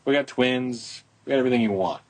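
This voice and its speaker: A man's voice: mid-range voice, fast talker, a little mellow, slight background noise. A middle-aged man hosting a casual podcast, talking outdoors into a phone in a rambling, folksy promotional way. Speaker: podcast host, boat club owner.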